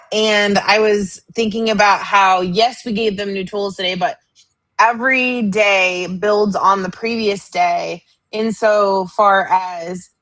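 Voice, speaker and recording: A woman with a mid-range voice speaks on a video call, reflecting out loud. Her talk is quick and conversational, full of "like", and she builds her points as she goes. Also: mid-range voice, low-quality recording. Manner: quick, thinks aloud, uses "like" often. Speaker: podcast co-host, educator. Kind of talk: casual chat.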